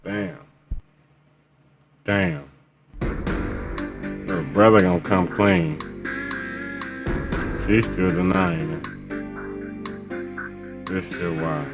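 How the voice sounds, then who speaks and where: Guy doing a super deep slowed-down reaction voice, drags every word, music in the back. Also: steady tone. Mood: unimpressed. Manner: slow, drawling reactions. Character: deep slow male commentator reacting to the story.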